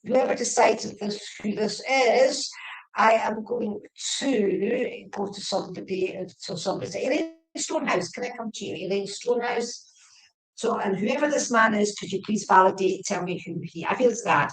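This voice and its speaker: A woman's voice: medium pitch, normal speed. Chatty woman medium, echoey room. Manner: chatty, warm and repetitive, addressing viewers by name. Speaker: psychic medium. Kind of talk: live-streamed psychic reading. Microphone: webcam or phone.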